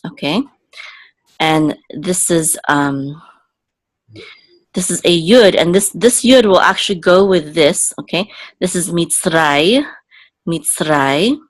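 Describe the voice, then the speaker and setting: A woman's voice: fairly low pitch, no echo. A woman teaching Hebrew reading, spelling out letters and vowels and repeating each word patiently with frequent okays and ums. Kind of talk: slow spoken lesson, spelling out letters and vowels.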